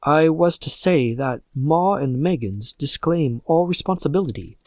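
A man voicing a nervous male messenger who speaks slowly and formally while delivering bad news. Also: a little high, animated, darkish tone, pitched above the performer's own voice. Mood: somber. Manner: halting, slow, formal.

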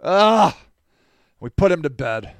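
Man, podcast host, casual monologue, high pitch, dry close sound. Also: slow, dry recording. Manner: animated, acts out quoted voices, laughs often.

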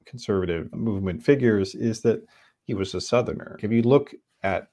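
Male podcast host, low gravelly voice, conversational, thinks aloud. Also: a little mellow. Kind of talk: podcast interview.

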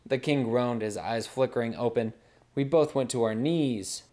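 A man's voice: medium pitch, normal speed, warm tone. A man narrating a comic fantasy story in a wry, dramatic storytelling manner.

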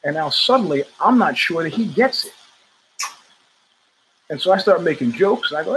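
A middle-aged man hosts his own show and spins a loose, rambling story full of asides and restarts. His voice sits a little higher than most men's. A faint hum stays under it. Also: expressive, moderate pace, long pauses, a bit bright, rough recording. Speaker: show host. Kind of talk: casual storytelling monologue.

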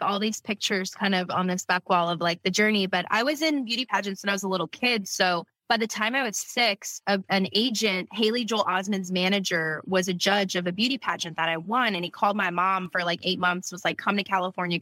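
Woman from Louisiana, bright voice, dry close mic, candid storytelling interview guest. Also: medium pitch, fairly quick, few pauses, no room sound, poor audio. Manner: candid, emotional, tells her story in long runs. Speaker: podcast guest, company founder.

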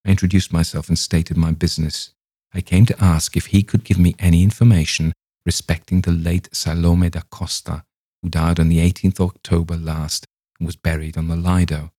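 Deep-voiced man narrating a ghost story. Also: moderate pace, breathy edge, dry recording, clean studio sound. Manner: steady, literary first-person narration. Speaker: audiobook narrator. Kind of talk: reading a Victorian ghost story.

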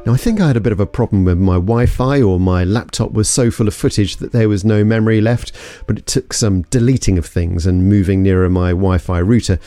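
A man's voice: fairly low pitch, steady tone, a little fast, few pauses, dark tone. A man from London narrating an investigative story in a suspenseful, scripted way. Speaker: podcast narrator.

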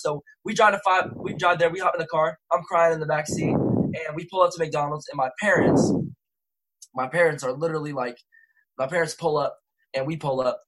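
Young male rapper, rapid slangy storyteller who keeps correcting himself. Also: a little high, bright, forceful tone, a little hiss or hum, poor audio. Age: young adult. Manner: rambling, self-correcting, slangy. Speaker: interview guest, rapper. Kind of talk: casual storytelling.

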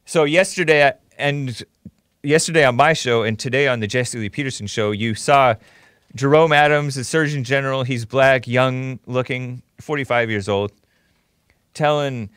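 A man's voice: medium pitch, moderate pace, fairly bright tone, smooth, dry recording. Sarcastic male live-stream host, dry sound. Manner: casual, sarcastic, scoffing; thanks viewers and reads donations aloud. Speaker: host of a live call-in commentary show. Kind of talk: casual live-stream commentary.

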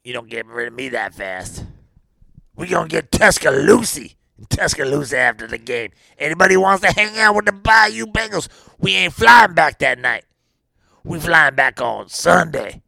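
A man's voice: a little high, very animated, moderate pace, no room sound, full character voice. A man impersonating a brash, boastful football coach. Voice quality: gravelly, raspy. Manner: brash, boastful, rambling with bursts of shouting. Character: gravelly Cajun football coach, brash and rowdy. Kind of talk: comedic impression in a mock interview.

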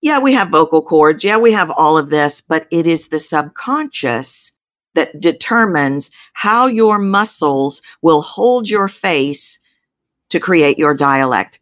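A Texan woman, a voice coach, tells her story as a guest in an interview, sounding animated and jumping suddenly in pitch. She speaks slowly, and the recording has no room sound.

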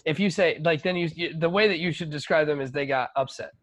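Brash, profane man with a higher voice. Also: quick pace, fairly bright tone. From USA. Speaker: podcast co-host. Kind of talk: casual chat.

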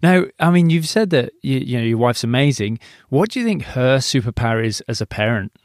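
A man's voice: medium pitch, lively intonation, fairly quick, no echo, studio quality. A man hosting a podcast, chatting casually with his guest and agreeing often. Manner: agreeable, encouraging, frequent yeahs. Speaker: podcast host. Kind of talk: casual interview chat.

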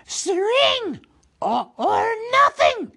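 A man voicing a small, sly, desperate creature that hisses, wheedles and shrieks in a high, strained voice, reading from a storybook. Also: huge pitch swings, very slow, gravelly, sharp tone, exaggerated voice. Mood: shrieking. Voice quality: hissing, shrill.

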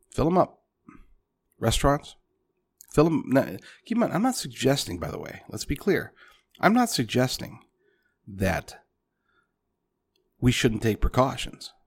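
A man's voice: medium pitch, very animated, a little slow, pauses often, husky. Emphatic male political commentator. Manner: emphatic, punchy, addresses listeners as folks.

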